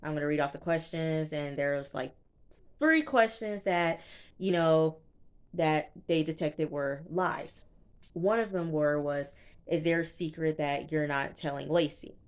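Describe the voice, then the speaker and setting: A young woman with a low voice chats through a reality show recap. She retells each scene in a loose, animated way and acts out what the people said. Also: a little slow, clean tone. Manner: chatty, animated retelling with quoted reactions. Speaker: TV show reviewer. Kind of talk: casual recap commentary.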